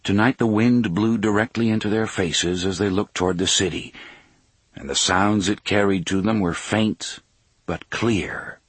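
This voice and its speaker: A man narrating an audiobook in a steady, even reading voice. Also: fairly low pitch, a little slow, breathy edge, no echo. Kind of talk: scripted narration.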